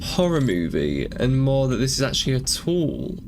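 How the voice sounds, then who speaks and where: A man narrates his own play-through, thinking aloud in a string of wondering questions. His middle-pitched voice swings widely up and down as he talks. He sounds earnest and openly emotional about what he finds. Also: sing-song, normal speed, noisy background. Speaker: gaming streamer. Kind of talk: let's play commentary.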